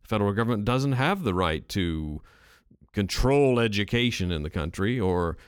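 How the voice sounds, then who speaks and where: A lively man riffs on his own, his pitch bouncing up and down as he thinks aloud. He sits close to a studio mic in a dead, dry room. His tone is casual and chatty, and he rambles a little. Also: normal speed, smooth, no echo. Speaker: podcast host. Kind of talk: casual solo commentary. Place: home recording studio. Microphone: studio microphone.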